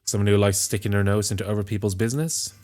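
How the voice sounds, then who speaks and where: A man's voice: lowish voice, steady tone, fast talker, darkish tone, natural voice. A man voicing a dry, snarky male detective in a near-natural voice. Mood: deadpan.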